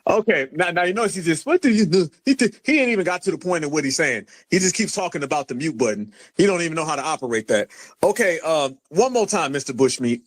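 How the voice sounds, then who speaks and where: A man's voice: a little high, lively intonation. An American man hosting a livestream, taunting and mocking a guest in a heated argument. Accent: American English. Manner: mocking, taunting, loud and rapid insults. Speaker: livestream host.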